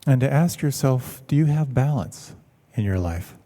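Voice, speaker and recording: A man, a meditation teacher, giving a measured, reflective talk and telling stories to an audience in a large hall. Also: mid-range voice, animated, warm tone. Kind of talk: dharma talk.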